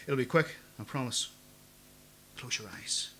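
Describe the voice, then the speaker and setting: A man voicing a calm, cold-blooded traveller who speaks low and matter-of-fact in an audiobook. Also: unhurried, a little hiss or hum, lightly acted.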